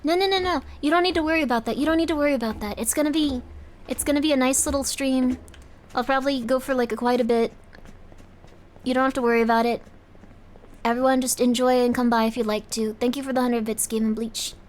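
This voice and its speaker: A woman's voice: sits high, fairly even intonation, quick pace, a little hiss or hum. A woman streaming a game live, chatting to her viewers in a rambling, easily startled way.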